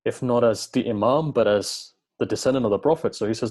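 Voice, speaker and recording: Man, sermon, earnest storytelling, mellow warm tone, lowish voice. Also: quick pace, hardly any pauses. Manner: earnest, repeats phrases for emphasis, acts out quoted dialogue. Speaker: speaker at a religious gathering.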